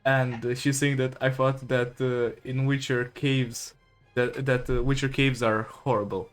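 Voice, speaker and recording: A man hosting a podcast in a relaxed way, often laughing and hesitating. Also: medium pitch, a little slow, clear, resonant tone. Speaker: podcast host. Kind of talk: casual podcast chat. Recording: slightly dull stream audio with faint music.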